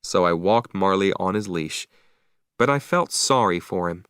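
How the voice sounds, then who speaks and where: A man narrating an audiobook for language learners in a slow, clear, deliberate reading. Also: deep voice, expressive, a bit bright, dry recording, clean studio sound.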